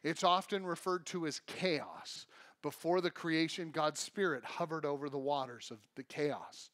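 A man's voice: a little high, a little slow, a bit bright. A man preaching a sermon as a pastor, telling stories and acting out the voices of people in them. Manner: storytelling, acts out quoted voices. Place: church sanctuary.

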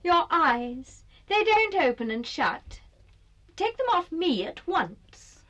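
A woman voicing a haughty, vain female doll who speaks in an imperious, disdainful drawl in an animated series. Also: very high-pitched, takes it slowly, muffled recording, full character voice.

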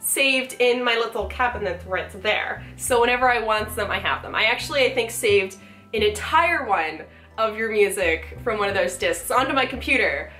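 Bright, gushing woman vlogger. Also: on the high side, moderate pace, soft background music. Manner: gushing, excitable, swears casually. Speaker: vlogger opening fan mail. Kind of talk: casual chat. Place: at home. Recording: roomy echo.

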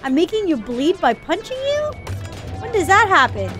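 Young woman gamer, super high voice, freaks out and yells a lot, faint music behind. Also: sing-song, normal speed. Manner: frantic, exclaiming, panicky and giggly. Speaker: let's play gamer. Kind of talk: gameplay commentary.

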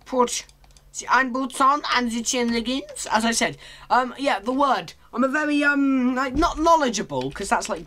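Bright, rambling British gamer guy. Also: very high voice. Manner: rambling, hesitant, bursts into excited yelps. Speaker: gaming channel host. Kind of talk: let's play commentary.

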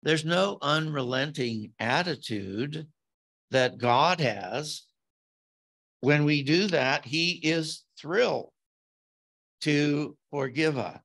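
A man preaching a sermon as pastor, slow and deliberate with emphatic rises on key words. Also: mid-range voice, vocal fry, fairly bright tone.

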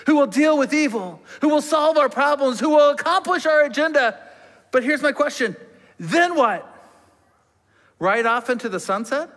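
High-voiced man preaching in a reverberant church. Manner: emphatic, drops to a hush on key words. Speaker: pastor. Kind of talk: sermon. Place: church sanctuary.

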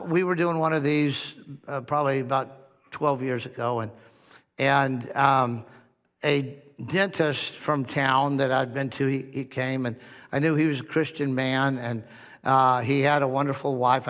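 Pastor preaching in a reverberant hall. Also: male voice, medium pitch. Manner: storytelling with humor and soft-spoken quoted dialogue. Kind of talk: sermon. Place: church hall.

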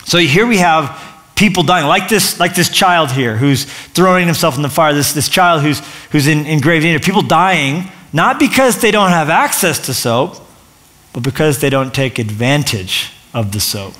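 A man's voice: a little high, normal speed. Upbeat man preaching a sermon. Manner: energetic, conversational preaching with restarts and asides. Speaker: pastor. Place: church stage.

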